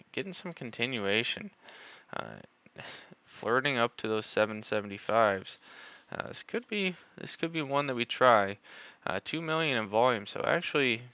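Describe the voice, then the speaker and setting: A man's voice: fairly low pitch, bright, forceful tone, clear, resonant tone, dry recording, lo-fi sound. A man doing live stock market analysis on a stream, thinking aloud with many filler words.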